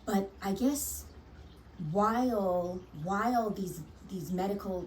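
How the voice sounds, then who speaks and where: A woman's voice: mid-range voice, slow pace, darkish tone, distant mic, slight background noise, low-quality recording. A woman who works as a nurse, telling a personal story frankly and heatedly, swearing often and restarting her sentences.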